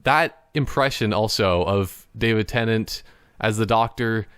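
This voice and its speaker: Rambling young man with a smooth voice. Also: on the low side, a little slow, fairly bright tone, dry recording, studio quality. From Canada. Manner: rambling, laughs often, slips into playful impressions. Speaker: podcast host. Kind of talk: casual solo chat. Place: indoors at a computer.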